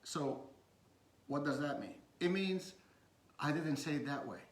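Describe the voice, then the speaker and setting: Male coach, slow halting delivery with many fillers, reverberant room. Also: on the high side, animated. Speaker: communication coach. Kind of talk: informal teaching talk. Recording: echoey room.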